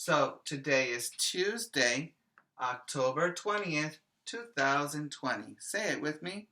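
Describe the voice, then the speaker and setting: A male preschool teacher giving a virtual lesson to small children, speaking in a slow, sing-song, coaxing way, asking questions and repeating words for them. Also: on the high side, animated, heavy background noise.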